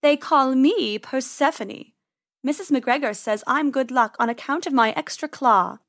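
A sly, menacing female cat, voiced by a woman reading aloud, purring every slow word. A storybook villain. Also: high voice, dry recording, studio quality.

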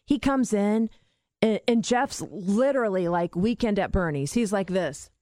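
A woman in casual podcast chat, telling an animated story. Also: medium pitch, measured pace, no room sound, clean studio sound. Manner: animated storytelling, acts out quoted voices.

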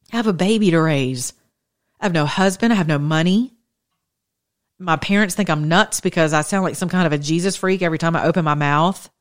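A woman in her thirties giving an informal, conversational sermon with impassioned, shifting pace. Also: fairly low pitch. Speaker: preacher.

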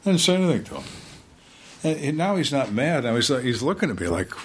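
An older man, a retired homicide detective, telling interrogation stories calmly and dryly and acting out suspects' lines. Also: mid-range voice, fast, slight background noise. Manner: calm, dry, acts out suspects' lines. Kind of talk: storytelling in interview.

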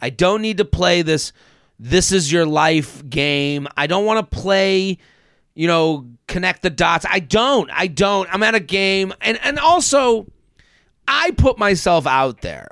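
A man's voice: fairly high pitch, measured pace, smooth, no echo, studio quality. A male comedian and podcast host telling a long story, acting out quoted voices and working up into a rant. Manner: animated, acts out quoted voices, rants.

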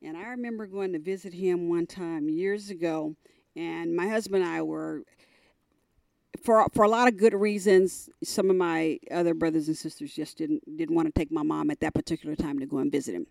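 On a podcast, a middle-aged woman who works as a team executive tells a personal story candidly and emphatically, her voice rising high as she relives certain moments. She speaks at a moderate pace with a creaky, slightly mellow quality, recorded in clean studio sound with no echo.

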